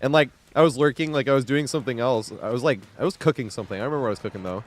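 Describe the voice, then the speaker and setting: A man casually chatting on his live gaming stream, rambling and laughing a lot, relaxed and stoned, with frequent casual swearing. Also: mid-range voice, very fast.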